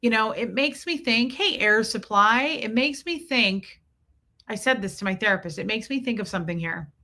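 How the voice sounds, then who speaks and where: A woman's voice: a little high, moderate pace, bright, forceful tone. A woman in her forties hosting a casual livestream, rambling and thanking viewers by name as she talks. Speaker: livestream host.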